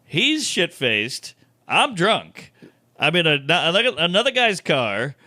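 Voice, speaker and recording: Comedian guy spinning a story, bright forceful voice, pretty high, dry sound. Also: takes it slowly, no room sound. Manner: animated storyteller acting out quoted voices.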